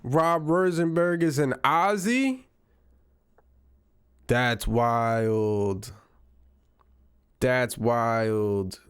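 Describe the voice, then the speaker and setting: A smooth, clear-voiced man riffs on a news clip in loose, casual commentary. He sounds wry and incredulous and keeps repeating himself for effect. His voice sits dry and close, with no room around it. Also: medium pitch, extremely slow, long pauses, no echo. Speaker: commentator reacting to news clips.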